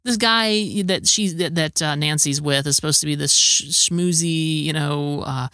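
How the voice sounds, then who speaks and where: A man's voice: fairly high pitch, moderate pace, sharp tone, clean tone, no echo, studio quality. A man co-hosting a casual show review chat, hesitant, repeating his words and laughing often.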